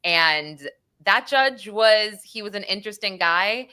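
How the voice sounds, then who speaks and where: A middle-aged woman co-hosting a true-crime chat show, telling stories with lively acted-out quotes. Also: medium pitch, takes it slowly, smooth. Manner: animated storytelling, acts out quotes. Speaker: podcast co-host.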